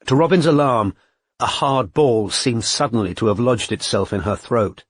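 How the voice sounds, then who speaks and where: Husky male audiobook narrator. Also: medium pitch, expressive, normal speed, dry recording. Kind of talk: scripted narration.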